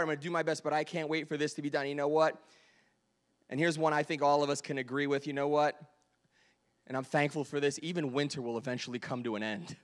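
A man in his thirties preaching a sermon, joking with the congregation and swinging between loud bursts and quiet asides. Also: fairly high pitch. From Delaware, US. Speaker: pastor.

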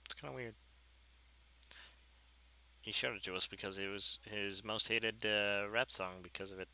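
Bright-voiced man commentating gameplay. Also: fairly low pitch, moderate pace, low-quality recording. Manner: rambling, self-deprecating, easily excited. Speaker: gameplay video creator.

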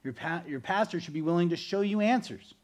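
A man preaching a sermon as pastor, animated, swinging between loud bursts and quiet, earnest stretches. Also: high-pitched, a little fast.

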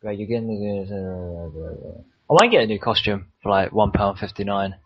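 A man's voice: on the low side, normal speed, slight background noise. A young man playing a video game with a friend, chatting casually in a hesitant way, repeating himself and stalling. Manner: hesitant, repeats words, often stalls with "wait". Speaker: game co-player. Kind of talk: casual let's-play chat. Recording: dull lo-fi home recording.

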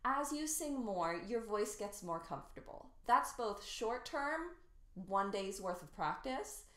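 A woman singing teacher coaching beginners through warmups in an encouraging way. Her voice is slightly scratchy. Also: mid-range voice, expressive, measured pace. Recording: roomy echo, faint piano. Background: faint piano.

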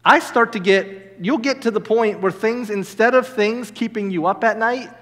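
A young man preaching a sermon as minister, animated and enthusiastic, often asking "amen?". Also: high voice, normal speed. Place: church sanctuary. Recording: long church reverb.

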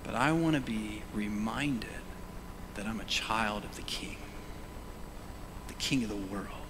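A man's voice: lowish voice, unhurried, pauses often, noisy background. Man preaching in a reverberant church. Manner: animated, swings from loud calls to hushed whispers; prompts the congregation to say words aloud. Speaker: pastor. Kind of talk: sermon. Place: church sanctuary.

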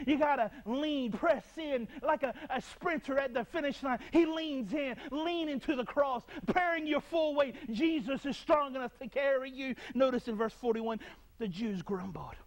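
A man's voice: very high-pitched, moderate pace. A man preaching a sermon to his congregation, fervent and repetitive, restarting his phrases as he builds his point.

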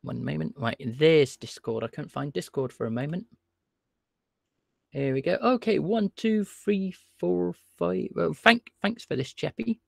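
A man with a raised, gravelly voice hosts a live stream, talking in a rambling, chatty way. He greets his viewers as he goes, and the sound is close and dry. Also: a little high, unhurried, dry recording. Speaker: livestream host calling scammers. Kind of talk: casual livestream chat.

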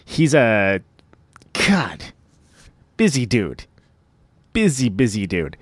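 A man's voice: fairly low pitch, huge pitch swings, takes it slowly, slightly rough, no echo. A man hosting a podcast, talking loosely through his intro with rambling, self-mocking asides from home. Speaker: podcast host. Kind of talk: casual podcast intro monologue.

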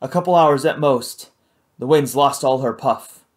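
A reader voicing a blunt, practical young man in a low, clipped voice in an audiobook reading. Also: measured pace, natural voice. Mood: steady. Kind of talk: audiobook character voice.

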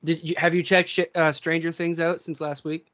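A man co-hosting a podcast over a video call, easygoing and quick with quips. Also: on the high side, flat delivery, a bit bright, no room sound. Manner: easygoing, often laughing along and adding quips. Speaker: podcast co-host. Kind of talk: casual chat.

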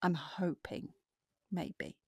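A woman's voice: sits low, drawn-out words, vocal fry, darkish tone, slightly rough, dry recording. A woman co-hosting a podcast in casual chat, upbeat, chatty and playful. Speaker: podcast co-host.

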